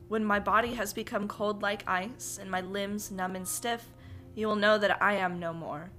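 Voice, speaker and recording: A woman voicing a dying old hermit who speaks gravely to the boy he raised. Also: medium pitch, a bit bright, close to an everyday voice. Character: dying old male hermit, solemn and frail.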